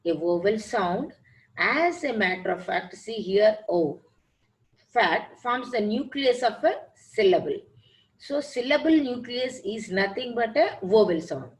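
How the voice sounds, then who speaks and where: A woman teacher giving a lecture on word stress and syllables, explaining slowly and repeating her points. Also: on the high side, lively intonation, poor audio. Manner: slow, repetitive explaining. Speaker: English teacher.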